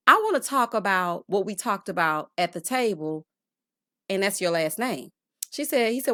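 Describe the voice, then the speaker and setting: A woman's voice: mid-range voice, sing-song, moderate pace, fairly bright tone, no room sound, clean studio sound. A woman hosting a casual reality TV recap, sassy and chatty, calling viewers honey and child.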